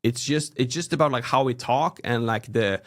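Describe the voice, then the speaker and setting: A man from Sweden with a Swedish accent, in his thirties, chatting casually as a guest and acting out people's reactions with big jumps in his voice. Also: moderate pace. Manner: animated storytelling, acts out quoted reactions with big pitch jumps. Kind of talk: casual interview chat.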